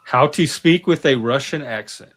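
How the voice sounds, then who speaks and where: A man hosting a casual panel chat, teasing and wisecracking with quick asides. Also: medium pitch, a bit bright. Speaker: host.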